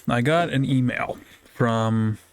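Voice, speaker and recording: Male podcast co-host, unhurried delivery, dry and relaxed. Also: mid-range voice, slight background noise. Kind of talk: casual gaming podcast chat.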